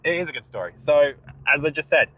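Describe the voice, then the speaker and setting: A man co-hosting a podcast in casual chat, telling stories in an animated way and laughing often, recorded inside a car. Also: on the high side, fast. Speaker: podcast co-host. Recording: dull lo-fi recording.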